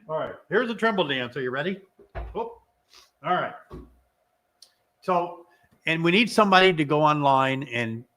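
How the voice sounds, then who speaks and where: A middle-aged man chats on a live stream, his voice bouncing high and low with lively swings. He sounds short of breath, coughing between playful, teasing remarks. His pitch sits a little above the usual male range. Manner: playful, teasing, with animated exclamations. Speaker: beekeeping host. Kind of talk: casual live stream chat.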